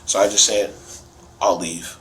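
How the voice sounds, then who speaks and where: A man's voice: low-pitched, flat delivery, measured pace, a bit bright, a little hiss or hum, rough recording. A man, a father in a recorded police interview, telling a story in a rambling, emotional way and acting out what others said.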